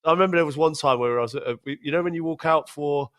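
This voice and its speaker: A man's voice: fairly high pitch, racing. Laughing man telling football stories. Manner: laughs through his stories, repeats words, acts out quotes. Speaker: podcast host, former footballer. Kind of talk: casual anecdote telling.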